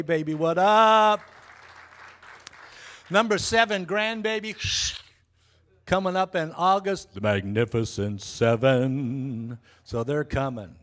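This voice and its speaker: A man in his sixties, a pastor giving a lively church sermon and welcome, jokey and exuberant with sudden whoops. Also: sits high. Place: church sanctuary.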